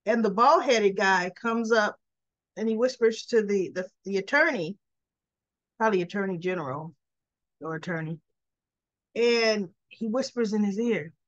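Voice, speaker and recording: A woman giving a casual recap of a soap episode, retelling scenes with lively asides and slipping into the characters' lines. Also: medium pitch, measured pace, long pauses, no echo, highs cut off. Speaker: soap opera recap vlogger.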